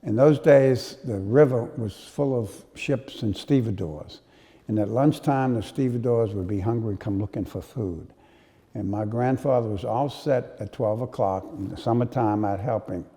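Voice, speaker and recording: An older man from New Orleans, speaking with its local accent, recalls the past in a relaxed, mellow voice. His storytelling is unhurried and dotted with fillers. The room gives a long, trailing reverb. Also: mid-range voice. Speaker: interviewee. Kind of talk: reminiscing interview. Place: historic house.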